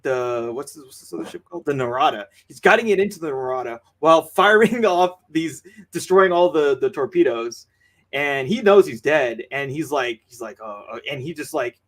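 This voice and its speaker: A man's voice: a little high, expressive, normal speed. A man co-hosting a podcast, recapping movie scenes in casual chat with lots of fillers and restarts. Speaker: podcast co-host. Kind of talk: casual film review chat.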